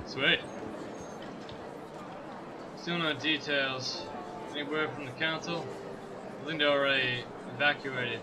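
A man's voice: on the high side, steady tone, slow, long pauses, noisy background. A man giving joking let's play commentary, swearing and talking back to the game's characters. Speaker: gameplay commentator.

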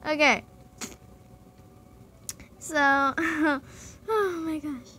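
A woman's voice: fairly high pitch, lively intonation, a little slow, no room sound. A young woman rambling and giggling as she chats through her game recording. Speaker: gaming vlogger. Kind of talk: casual chat while playing a game.

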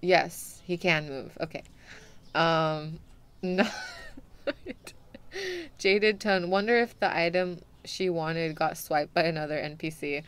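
Young adult woman, virtual streamer, live gameplay commentary, chatty and giggly, slow easy delivery. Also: sits low, fairly even intonation, a bit bright, smooth. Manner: chatty, talks to game characters, laughs often. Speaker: VTuber streamer.

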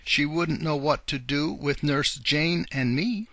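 A man voicing a kindly old rabbit gentleman who speaks in a polite, old-fashioned, earnest way. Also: on the high side, takes it slowly, dry recording, pitched above the performer's own voice, exaggerated voice. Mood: worried.

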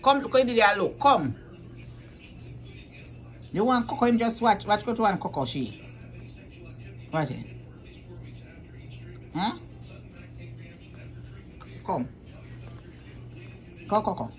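A woman's voice: medium pitch, lively intonation, slow pace, pauses often. Lady talking to her cats, repeats herself a lot, sing-songy, faint music under it. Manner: coaxing, sing-song, repeats commands. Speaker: vlogger. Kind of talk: casual talk to her cats.

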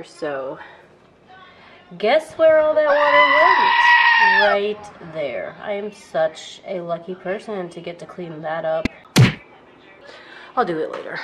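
A woman's voice: lowish voice, background noise. A woman vlogger chatting casually and wryly from her home kitchen about her errands and chores. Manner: chatty, wry and exasperated. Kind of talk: casual vlog chat.

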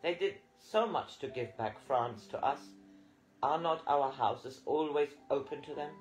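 A man's voice: on the high side, a little slow, faint music behind, close to an everyday voice, low-quality recording. A man voicing a jovial little male French country doctor who reassures with fussy good cheer. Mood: cheerful reassuring.

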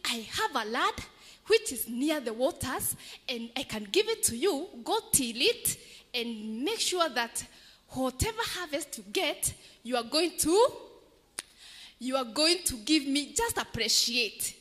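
A woman plays a courteous, generous wealthy man offering help in a children's story. The voice is high and bright, with a long church echo around it. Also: sing-song, unhurried, exaggerated voice. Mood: kindly. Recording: echoey church hall.

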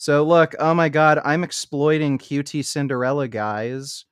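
A man's voice: a little high, steady tone, clear, resonant tone, no room sound, studio quality. Man ranting scornfully on stream. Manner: blunt, profane, scornful; halting restarts when worked up. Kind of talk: reaction stream rant.

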